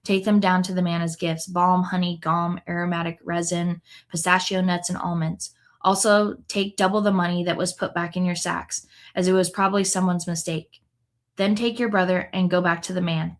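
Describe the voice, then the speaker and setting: A woman's voice: lowish voice, level tone, moderate pace, natural voice. Woman reading as a grieving old father. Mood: resigned. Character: grieving old man, father fearing loss.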